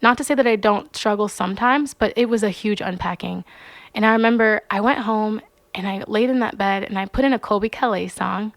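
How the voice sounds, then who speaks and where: A young adult woman, a singer-songwriter and podcast guest, telling personal stories in a casual, animated way, acting out voices and saying "like" often. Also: medium pitch, a little fast, no echo. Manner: animated, acts out quoted voices, frequent "like". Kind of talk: casual storytelling interview.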